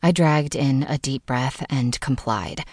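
A woman narrates a first-person story with a wry, sardonic edge. Her voice is low and gravelly. The recording is close and dry, with no room sound. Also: slow, a little mellow, dry recording. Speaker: audiobook narrator.

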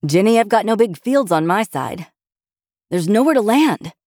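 A woman voicing a calm, teasing young husband and pilot in an offhand, patronizing way in an audiobook. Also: deep voice, normal speed, no echo, studio quality. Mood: sheepish. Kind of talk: audiobook character voice.

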